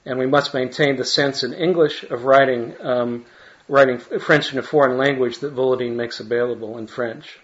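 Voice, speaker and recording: A man's voice: medium pitch, fairly even intonation, moderate pace. Hesitant academic man, slightly dull audio. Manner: academic, hesitant in asides with many restarts. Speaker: literary translator giving a talk. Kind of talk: reading a paper with spoken asides.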